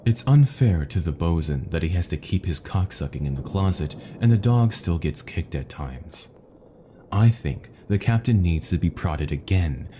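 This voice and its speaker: Persuasive ship's mate in a spoken fable, read by a man, low, mellow voice. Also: expressive, normal speed, slight background noise. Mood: placating. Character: smooth, placating male ship's third mate.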